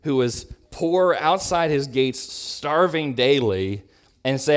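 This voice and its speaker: A preacher takes his time teaching a Bible lesson to the congregation, his medium-pitched voice thoughtful and slow. He sometimes clears his throat and corrects himself as he reads.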